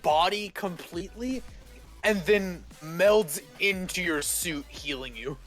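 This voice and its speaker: A man's voice: high voice, animated, slow, fairly bright tone, soft background music. A man acting as game master, narrating the players' actions in loose, laughing run-on sentences on a voice call.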